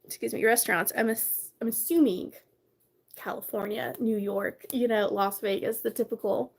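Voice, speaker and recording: A woman's voice: fairly high pitch, steady tone, moderate pace, gravelly, breathy edge. A woman casually chatting on a live stream from her bedroom. She greets viewers by name, laughs often, sounds tired and coughs now and then. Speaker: livestream host.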